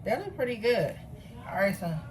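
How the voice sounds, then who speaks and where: A woman's voice: mid-range voice, moderate pace, noisy background. A middle-aged woman with a Philadelphia accent, chatting to her viewers as she bakes in her home kitchen. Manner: talks to viewers as "y'all", animated and self-deprecating. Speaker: home cook filming herself. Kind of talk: casual chatty baking vlog.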